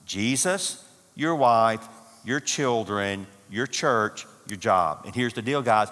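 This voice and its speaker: A man's voice: lowish voice, animated, slow, fairly bright tone. A man in his sixties, a seminary professor, giving a folksy, humorous talk to couples at a marriage conference. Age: 60s. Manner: folksy, humorous, emphatic with repetition. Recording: long hall reverb.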